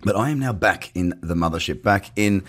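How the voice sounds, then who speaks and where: A man's voice: deep voice, lively intonation, brisk, fairly bright tone. A man with an Australian accent hosting a casual, chatty market commentary podcast from his office, with playful asides. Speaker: podcast host. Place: home office. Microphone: webcam setup.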